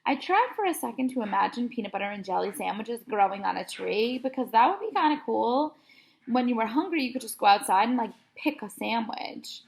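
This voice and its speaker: A woman, a teacher, reading a children's chapter book aloud in a lively, animated way. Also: fairly high pitch, fairly quick, creaky. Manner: lively, animated read-aloud with bursts of loud character lines.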